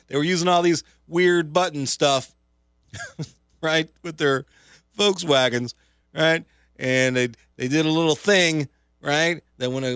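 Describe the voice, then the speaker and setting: A male comedian hosts a talk radio show, riffing alone at the studio mic with a loose, rambling, self-mocking style full of fillers and asides. His voice sits at an ordinary middle pitch for a man, and the sound is dry and close, with no room echo. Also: a bit bright. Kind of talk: casual comedic radio monologue.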